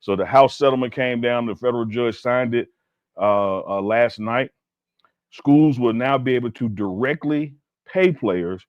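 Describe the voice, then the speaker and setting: A man's voice: mid-range voice, measured pace, no room sound, highs cut off. A man co-hosting a casual sports talk show, telling stories with emphatic, laid-back slang. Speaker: co-host.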